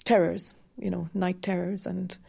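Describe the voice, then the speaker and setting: A woman who teaches harp, talking candidly and reflectively in a radio interview, with soft laughs. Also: on the low side, flat delivery, measured pace, creaky, slightly rough. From Ireland.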